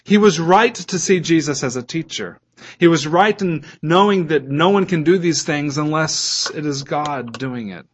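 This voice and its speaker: Man, pastor, sermon, slightly higher voice, animated delivery, asks the congregation questions. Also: a little slow, husky. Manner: animated, reads scripture aloud, asks the listeners questions.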